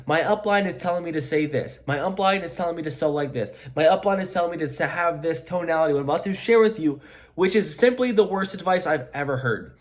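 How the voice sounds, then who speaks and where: Fast-talking energetic sales coach man. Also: on the high side. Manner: emphatic and repetitive, energetic pep-talk delivery. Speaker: life insurance sales coach. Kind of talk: motivational coaching monologue to camera.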